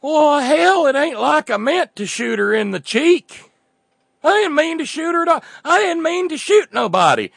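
A whiny high-voiced rural hick. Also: male voice, big pitch swings, moderate pace, gravelly, a bit bright, no room sound, studio quality, heavily acted. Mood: whiny defensive. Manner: pleading, indignant. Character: dim young rural man, whiny and defensive.

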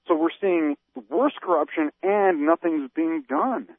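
High-voiced man ranting on a phone-like line. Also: unhurried, no echo. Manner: ranting, fires off rhetorical questions. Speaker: co-host. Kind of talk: political talk radio discussion. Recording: tinny phone-like dry sound.

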